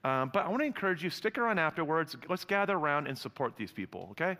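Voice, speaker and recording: A fairly high, bright and forceful male voice preaching in a casual, lively way. He jokes freely with his congregation. The sound rings with the long reverb of a large hall. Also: fast talker. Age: adult with young sons. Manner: lively, joking, conversational preaching. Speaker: pastor. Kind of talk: sermon. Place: church hall before a congregation.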